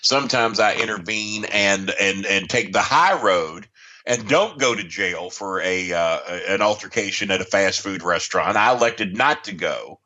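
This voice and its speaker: A man's voice: lowish voice, lively intonation, normal speed, bright, forceful tone, muffled recording. A man telling a long comic story as a podcast guest, ranting and swearing heatedly.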